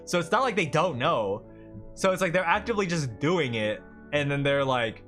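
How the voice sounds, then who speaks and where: A young man with a slightly high voice rambles in exasperation on a live stream, with plenty of fillers. His delivery is casual and heated. Faint music plays in the background. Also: fairly quick, a bit bright.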